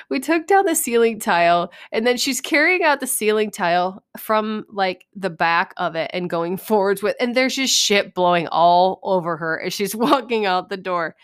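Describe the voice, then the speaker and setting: A woman's voice: mid-range voice, clean tone. A middle-aged woman hosting a podcast, telling a funny story in casual chat, swearing freely and laughing often. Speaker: podcast host.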